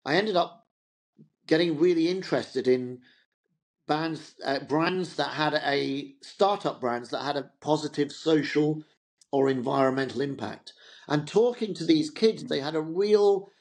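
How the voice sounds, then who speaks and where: A man's voice: fairly high pitch, a little slow, darkish tone. A middle-aged man, a fashion entrepreneur as an interview guest, telling loose, rambling stories in a chatty way. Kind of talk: casual anecdotal interview talk.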